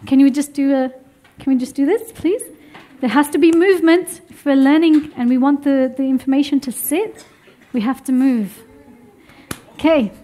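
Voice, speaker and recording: Young woman leading a class, high and lively, encouraging, chuckles easily. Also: moderate pace. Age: young adult. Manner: lively, encouraging, laughs often. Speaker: womb health teacher. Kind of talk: workshop teaching to a live group. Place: room with a seated group.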